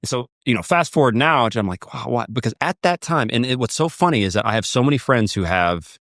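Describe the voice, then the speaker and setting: A man's voice: medium pitch, expressive, a little fast, a bit bright, no echo, studio quality. A man, a guest on a podcast, telling a story animatedly with many fillers and repeated words. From United States. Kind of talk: conversational podcast discussion.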